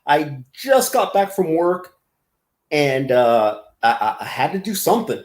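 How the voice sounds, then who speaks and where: A man's voice: a little high, lively intonation, unhurried, a little mellow, echoey room. A man hosting a casual livestream, rambling and laughing as he reacts to chat comments. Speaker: livestream host.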